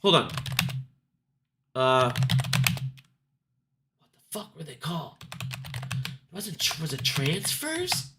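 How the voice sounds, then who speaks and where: A man's voice: a little high, wildly swooping pitch, slow, long pauses, very noisy. A man hosting his own market video, ranting casually in a blunt, profane, scornful way. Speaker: stock market video host.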